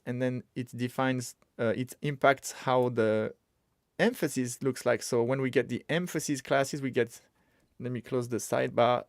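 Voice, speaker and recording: A man codes on a casual livestream, mumbling to himself and reasoning out loud as he goes. His voice is medium-pitched, and the recording is dry and studio-clean.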